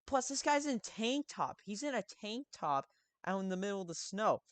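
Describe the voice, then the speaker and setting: Excitable, swearing man reacting on a stream. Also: high-pitched, moderate pace, clean tone, no room sound. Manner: loud, profane, excitable commentary. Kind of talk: casual live-stream reaction.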